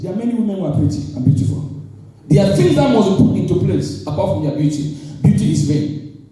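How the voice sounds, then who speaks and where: A man's voice: high-pitched, a little fast, heavy reverb, recorded from a distance, rough recording. A man from Africa, a pastor preaching a sermon and calling on his congregation to answer back. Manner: animated, calls on the congregation to respond.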